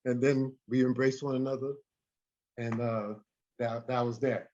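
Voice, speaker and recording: A man, a guest in an interview, telling a story in an animated way, often repeating and restarting words. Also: mid-range voice, unhurried. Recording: dull lo-fi recording.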